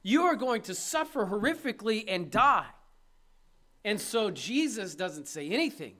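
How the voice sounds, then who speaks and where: High-voiced man preaching a sermon. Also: big pitch swings, moderate pace, pushed and bright. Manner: emphatic, with rhetorical questions to the congregation. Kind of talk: expository sermon reading scripture.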